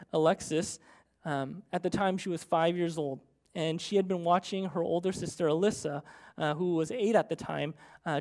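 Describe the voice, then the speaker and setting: A man's voice: a little high, vocal fry, a little mellow. A man in his thirties, a pastor telling a personal story in a sermon, earnest and conversational, often checking in with "right?".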